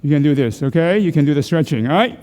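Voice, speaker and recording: With lively intonation and a quick pace, a middle-aged man steers a class through neck exercises in a church hall. His fairly high, slightly mellow voice leaves a long reverb tail as he coaches, asks questions and jokes.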